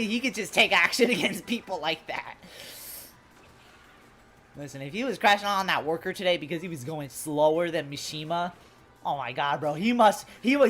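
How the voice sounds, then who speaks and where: Lively young woman streamer chatting casually. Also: fairly low pitch. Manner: loose, profane and jokey, addressing chat as bro. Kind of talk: casual live-stream chat.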